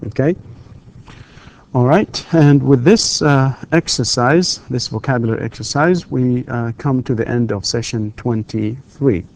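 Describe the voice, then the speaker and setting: A man's voice: medium pitch, measured pace, darkish tone. A man lecturing an English class, patiently repeating words and prompting students with questions.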